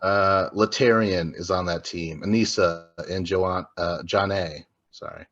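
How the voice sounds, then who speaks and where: A man's voice: sits low, fairly even intonation, measured pace, fairly bright tone, muffled recording. A man co-hosting a podcast, chatting casually and profanely about a reality show, joking and rambling. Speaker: podcast co-host. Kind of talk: casual podcast recap chat.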